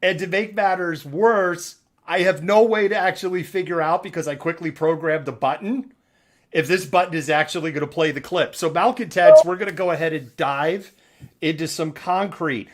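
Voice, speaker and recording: A male news show host speaks casually with wry asides, his voice a little higher than most men's. He talks into the mic in a relaxed live-stream manner. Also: normal speed. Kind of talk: live online news talk.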